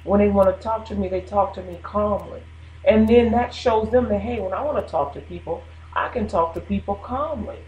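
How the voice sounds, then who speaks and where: A woman's voice: mid-range voice, normal speed, darkish tone, reverberant, highs cut off. A woman hosting a radio show, talking casually about faith and laughing between her points. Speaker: radio host.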